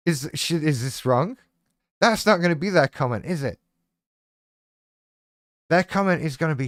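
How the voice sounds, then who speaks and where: Man, somewhat high voice, dry close sound, irreverent, rambling, swears a lot, live-stream chat. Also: expressive, normal speed, long pauses, dry recording. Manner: talks to himself and reacts to viewers' comments.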